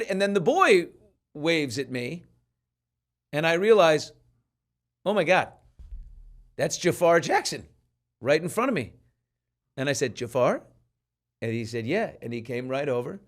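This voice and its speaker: A man hosting a talk show, chatting casually and telling stories with animation, acting out the people he quotes. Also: on the high side. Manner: animated storyteller who acts out quoted people. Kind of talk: casual chat.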